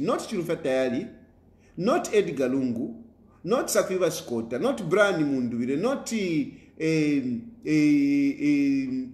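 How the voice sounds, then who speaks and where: A man's voice: fairly high pitch, a little mellow, reverberant. A Zambian man and politician giving an emphatic, repetitive political monologue with a preaching tone and many fillers.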